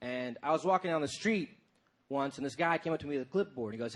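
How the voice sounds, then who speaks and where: A man in his thirties doing a stand-up comedy set, telling stories in an animated way and jumping into loud shouted voices. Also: a little high, fast talker. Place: live comedy stage before a crowd. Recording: live crowd noise in the background. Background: audience laughter and crowd noise.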